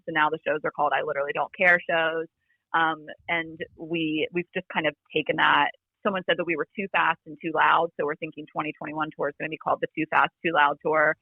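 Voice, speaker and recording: A woman chatting as a podcast guest over a remote call, talking quickly with lots of "like" fillers and a fry in her voice. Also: sits low, level tone, no room sound. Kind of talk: casual chat. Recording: phone-like remote line.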